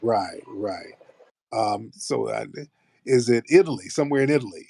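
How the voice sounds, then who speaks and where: A man's voice: fairly low pitch, animated, normal speed, vocal fry, darkish tone, slightly rough, no room sound. Loose, profane male show host. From United States. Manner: loose, profane, playful banter. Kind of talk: casual chat.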